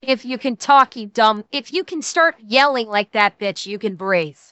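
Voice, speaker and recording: A woman's voice: a little high, animated, moderate pace, a bit bright, clear, resonant tone, dry recording, dull audio. A woman giving blunt, sarcastic, profane reaction commentary as a streamer. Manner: blunt, sarcastic, swears a lot.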